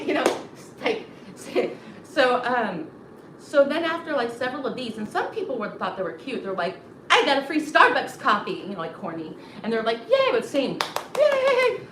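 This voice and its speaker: A fairly high-voiced woman chatting while she cooks, animated and quick to act out what others said. Her voice sits back from the mic in a roomy kitchen, with steady household noise behind her. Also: far from the mic. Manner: animated, acts out quotes, many fillers. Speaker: host. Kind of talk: casual storytelling while cooking.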